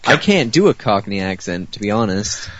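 A man's voice: on the low side, big pitch swings, moderate pace. Dry-talking man on a dull lo-fi mic. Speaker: podcast co-host. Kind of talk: casual chat. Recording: dull lo-fi sound.

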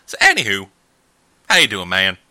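A man's voice: on the low side, wildly swooping pitch, moderate pace, sharp tone. A man hosting a casual podcast, trading sarcastic jokes with his co-host. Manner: joking, sarcastic banter.

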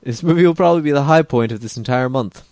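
A man's voice: mid-range voice, quick pace, darkish tone. A man co-hosting a casual movie commentary, dry and wry. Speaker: co-host.

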